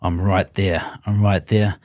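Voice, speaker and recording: A man, a strongman telling his competition story in an interview, animated and swearing often. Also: low-pitched, measured pace, no room sound. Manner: animated, swears often, acts out his own past thoughts. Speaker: guest, strongman athlete.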